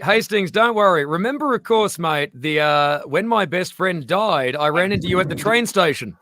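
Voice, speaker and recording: A man's voice: sits high, animated, moderate pace, sharp tone, no room sound, clean studio sound. A man from Australia, a guest on a video call, telling stories bluntly and dryly. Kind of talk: casual chat.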